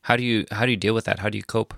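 Low, gravelly encouraging male host. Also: fairly even intonation, a bit bright, no room sound, studio quality. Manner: affirming, measured and encouraging. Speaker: podcast host. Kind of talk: interview conversation.

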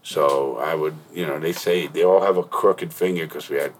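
A man's voice: a bass voice, steady tone, normal speed, slight background noise. A middle-aged man hosting a podcast, telling blunt, profane stories in casual interview chat. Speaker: podcast host.

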